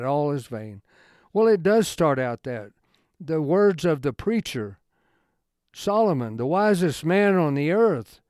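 A man giving an informal Bible study talk in a folksy, rambling way, halting often and restarting his sentences. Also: fairly high pitch, darkish tone, dry recording, clean studio sound. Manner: folksy, conversational storytelling. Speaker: Bible teacher.

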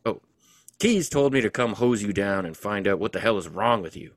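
A wry squad leader answers offhandly in a lowish voice that climbs when he pushes a question, as a man reads him aloud. The sound is close and dry. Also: animated, normal speed, no echo.

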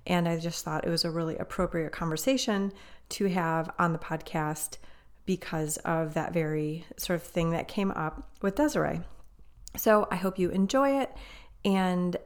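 A woman with a lowish voice speaks at normal speed while hosting a solo podcast as a financial coach. She's chatty and upbeat, a little out of breath, and says "right?" often.

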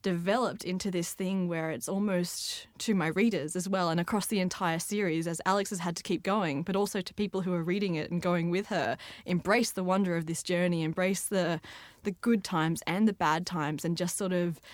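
An Australian author, a young woman with a lowish voice, answers interview questions at normal speed with hardly any pauses. Bubbly and chatty, she laughs often and adds lively asides, recorded dry on a studio microphone.

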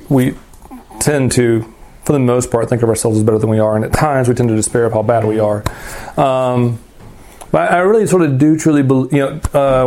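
A pastor answering audience questions in a candid, rambling, self-deprecating way, telling personal stories. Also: male voice, medium pitch, a little mellow, slight background noise. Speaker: pastor teaching a Bible class.

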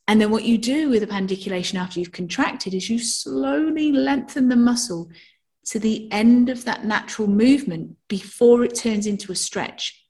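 A middle-aged woman teaching a somatic movement workshop, talking in a lively way, acting out little sighs and asking the listeners questions. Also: on the high side, normal speed. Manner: animated, acts out sounds and asks listeners questions.

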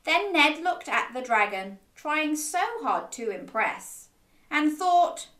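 A woman reads a children's picture book aloud, slowly and expressively, with a bright, lively, swooping voice. She invites young listeners to join in. Her voice echoes in the room around her. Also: sits high. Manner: animated, interactive, asking listeners to join in. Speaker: children's storyteller.

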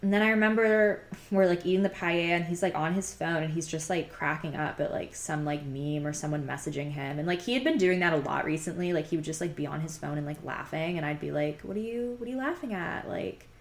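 A woman's voice: deep voice, brisk. A young woman telling her own dating story in a chatty, confiding way, full of "like" fillers. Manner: chatty, heavy use of "like" fillers; frank and confiding, sighs between thoughts. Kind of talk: casual personal storytelling.

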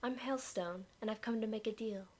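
A woman's voice: on the high side, brisk, close to an everyday voice. A woman voicing a small, mischievous female ice creature who speaks in a teasing, coaxing, often whispered voice. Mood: sly.

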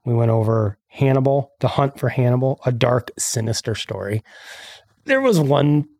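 A man from Illinois hosts a casual podcast, reading news items aloud and breaking off into sarcastic rants. His voice has a gravelly edge and sits at an ordinary pitch. The sound is dry and close, with no room around it. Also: expressive, moderate pace, darkish tone, no room sound. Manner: sarcastic, ranting. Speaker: podcast host.

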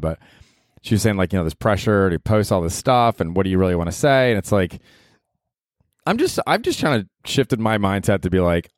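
A man's voice: fairly low pitch, no echo, studio quality. A young man hosting his own podcast solo, telling rambling stories in a casual, profane way, laughing at himself and saying "dude" often. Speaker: podcast host.

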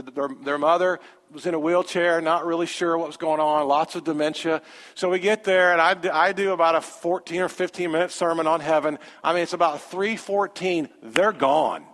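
A man, a pastor telling a story in a sermon with animated, conversational quoted dialogue. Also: fairly high pitch. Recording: long hall reverb.

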